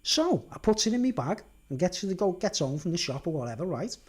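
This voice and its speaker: Speaking from home in a Merseyside accent, this man delivers a long livestream monologue, pressing his points hard and constantly checking "right?" and "do you understand?". His voice is high, husky and sing-song, and he talks at a quick pace.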